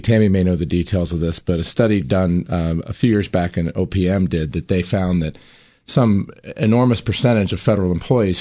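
A man appearing as a financial planner guest on a radio talk show, explaining in a measured way with fillers. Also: low voice, a little mellow.

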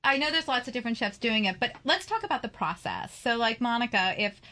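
Woman host, bright sharp voice, playful, keeps things moving. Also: fairly high pitch, very animated, quick pace. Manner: playful, steers the conversation. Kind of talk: casual talk-show hosting.

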